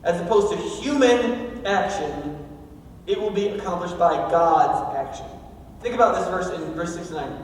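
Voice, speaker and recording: A man's voice: sits high, moderate pace, slight background noise. A man preaching a sermon as pastor of a church, in a casual, joking, conversational way. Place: church sanctuary. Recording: echoey hall from far off.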